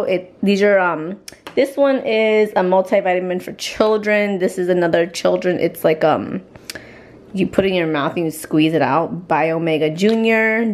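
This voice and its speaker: A woman's voice: medium pitch, echoey room. A pregnant woman vlogging in casual chat, giggly and rambling as she talks to her viewers at home.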